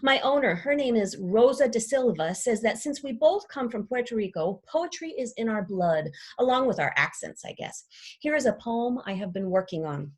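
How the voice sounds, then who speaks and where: A woman's voice: normal speed, breathy edge. A woman reading aloud as a chatty, dramatic classroom pet parrot who makes up rhymes. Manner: lively storytelling with playful rhymes and pitch leaps. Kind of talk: children's book read aloud.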